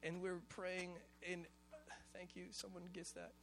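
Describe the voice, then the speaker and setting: A man from Hawaii preaching a sermon in a casual, animated, conversational way, full of slang. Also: high voice, a little slow. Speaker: pastor.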